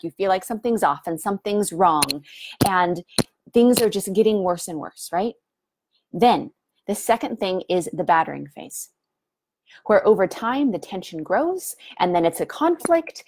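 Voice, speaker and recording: A woman's voice: medium pitch, a little mellow, a little hiss or hum. A young woman speaking as a lifestyle coach in a live-streamed talk, earnest and direct, often acting out inner thoughts.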